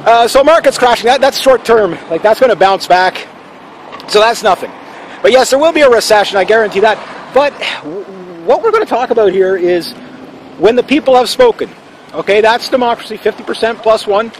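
A man with a notably high voice rambles through a casual opinion vlog in a forceful, opinionated way. He talks outdoors, and faint traffic and city ambience sit in the background. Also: lively intonation, fairly quick, low-quality recording. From Canada. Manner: assertive, rambling, with fillers and restarts. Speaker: channel host.

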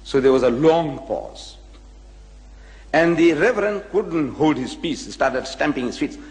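A male lecturer tells a story and throws himself into every quote. His voice sits fairly high for a man, and the recording carries the long echo of a lecture hall. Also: animated, a little slow, a little mellow. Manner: dramatic, acts out the quotes.

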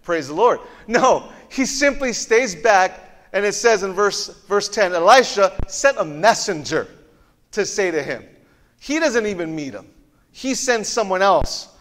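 A man's voice: high voice, animated, unhurried, a bit bright, in a large hall. A male pastor preaching a sermon in a church, telling the story animatedly and often repeating words as he goes. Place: church auditorium.

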